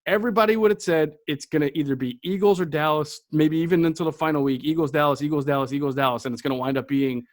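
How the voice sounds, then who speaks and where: A man's voice: fairly high pitch, fast talker, hardly any pauses, no room sound, studio quality. A middle-aged man hosting a sports talk show, chatting about football and reading ads with a jokey, upbeat delivery.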